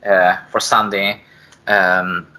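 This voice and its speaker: A man's voice: sits low, little pitch movement, takes it slowly, bright, forceful tone, rough recording. A man giving an academic seminar presentation, hesitant, with frequent fillers and self-corrections. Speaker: academic speaker.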